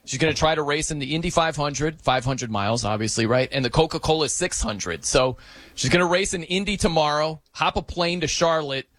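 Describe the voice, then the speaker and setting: A man hosting sports talk, animated and joking, laughing as he riffs on the news. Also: fairly high pitch, a little fast, no echo. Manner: animated, joking, breaks into mock announcer voices. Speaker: sports radio host.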